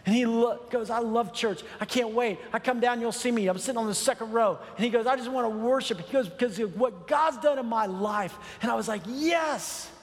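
In a sermon, a middle-aged male pastor shares a personal story, growing from earnest telling into emphatic preaching. His voice is very high-pitched, a little quick, and leaves few pauses, echoing with long hall reverb.

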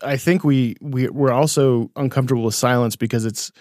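A man's voice: mid-range voice, steady tone, fairly quick, darkish tone, dry recording, studio quality. A man co-hosting a casual conversation about faith and ministry, reflective, laughing easily and restarting his sentences as he thinks aloud. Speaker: podcast co-host.

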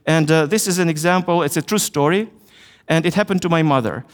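A man's voice: fairly high pitch, brisk. Ukrainian-accented man preaching in echoing hall. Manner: earnest storytelling with frequent hesitations. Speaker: chapel speaker. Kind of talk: chapel sermon. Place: university chapel. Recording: long hall reverb.

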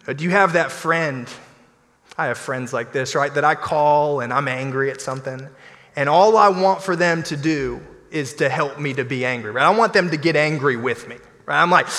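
A man preaching a sermon as pastor, in an animated, conversational style with playful asides. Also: fairly high pitch, moderate pace. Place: church sanctuary. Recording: long church hall reverb.

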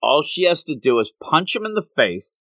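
A man's voice: a little high, big pitch swings, moderate pace, fairly bright tone, no room sound. A man co-hosting a casual chat, animatedly recapping an anime episode and acting out the characters' lines with frequent laughs.

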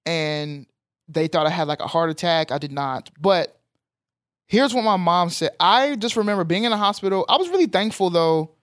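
Man, young, fairly high voice, animated emphatic storytelling, dry close mic. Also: normal speed, dry recording. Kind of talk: casual storytelling chat.

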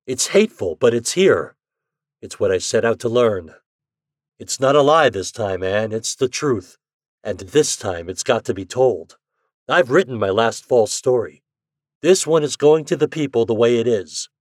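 A man's voice: medium pitch, animated, measured pace, no echo, studio quality. A man reading a story and voicing a determined young journalist who speaks earnestly and insistently.

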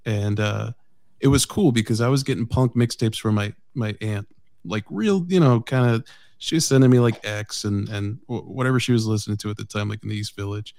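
A man chatting casually, relaxed and a bit self-deprecating. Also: lowish voice, fairly quick, dry recording, clean studio sound. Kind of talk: casual chat.

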